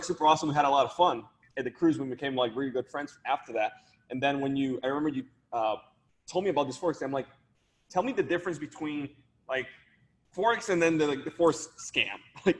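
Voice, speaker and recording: A laid-back man hosts a casual interview. His voice sits a little high, and he keeps his speech loose with lots of "like". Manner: laid-back, heavy use of "like". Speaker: host, interviewer.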